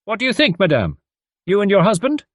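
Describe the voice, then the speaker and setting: A man's voice: high-pitched, wildly swooping pitch, fairly quick, a bit bright, no room sound, clean studio sound, voice pushed up, heavily acted. A man reading aloud, voicing a precise, courteous Belgian detective who scatters French words through his speech.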